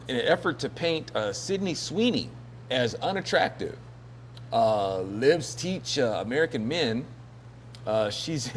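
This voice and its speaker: A man's voice: medium pitch, slight background noise. Joking rambling male commentary host. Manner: rambling and joking, many fillers, laughs often. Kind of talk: casual news commentary.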